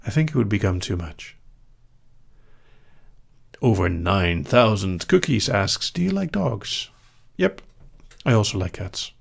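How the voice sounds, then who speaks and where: A young Dutch man with a Dutch accent, a hypnosis show host calmly reading out and answering audience questions with dry humor. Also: on the low side, gravelly, breathy edge. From Netherlands. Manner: calm, unhurried, dry humor. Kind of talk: live Q&A reading chat questions.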